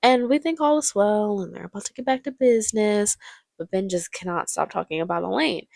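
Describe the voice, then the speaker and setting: A woman's voice: mid-range voice, brisk, creaky, a little mellow, dry recording, clean studio sound. A young woman giving casual, joking movie commentary, laughing often.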